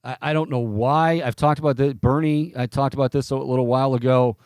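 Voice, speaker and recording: A man's voice: medium pitch, steady tone, fairly quick, darkish tone, clear, resonant tone, dry recording, studio quality. A man hosting a sports radio talk show, rambling and opinionated, often cutting himself off mid-sentence. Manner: rambling, self-interrupting, opinionated. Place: radio studio.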